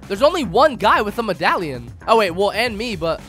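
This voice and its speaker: A young man giving excited, slangy commentary while playing a video game, taunting opponents as he goes. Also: high-pitched, fairly quick, soft background music. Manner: hyped, slangy, talks to opponents. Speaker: gaming YouTuber.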